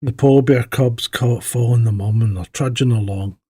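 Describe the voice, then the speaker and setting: A man's voice: medium pitch, moderate pace, mellow, slightly rough, dry recording, clean studio sound. A man hosting a casual podcast chat, blunt and swearing freely as he tells jokes. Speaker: host, retired police sergeant.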